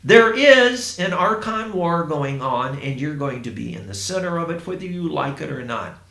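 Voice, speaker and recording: A man voicing a calm, commanding angel woman who drives a white carriage, speaking firmly and matter-of-factly. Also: low voice, normal speed, vocal fry, voice pushed down, exaggerated voice. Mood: stern. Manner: firm, matter-of-fact commands. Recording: roomy echo.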